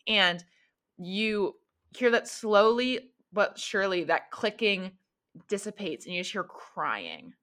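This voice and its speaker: Woman game master, bright tone, rambling casual narration of a tabletop session. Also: mid-range voice, expressive, slow pace. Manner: loose, rambling narration full of fillers. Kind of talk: narrating a tabletop role-play.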